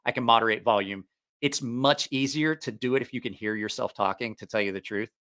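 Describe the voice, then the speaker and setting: Chatty bright-voiced man with a slight Ohio twang. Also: mid-range voice, fairly quick. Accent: Southeast Ohio. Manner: rambling, self-correcting, chatty. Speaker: knife reviewer and channel host. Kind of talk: casual livestream chat. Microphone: headphones on, studio mic.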